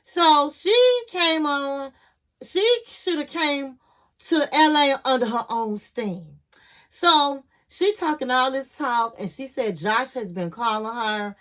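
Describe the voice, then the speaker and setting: Chicago woman with a high voice doing a sassy tv recap, blunt, talks straight to you. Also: expressive, takes it slowly, a bit bright. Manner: sassy, blunt, acts out the cast's lines. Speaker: reality TV recap vlogger. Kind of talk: casual recap commentary.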